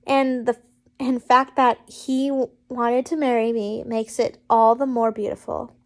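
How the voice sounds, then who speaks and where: A woman reads fan fiction aloud in a relaxed, homemade way. Her voice sits a little high for a woman, and she often stops to chat and joke with her listeners. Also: unhurried. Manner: chatty, breaks off to joke and laugh. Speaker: fanfiction reader.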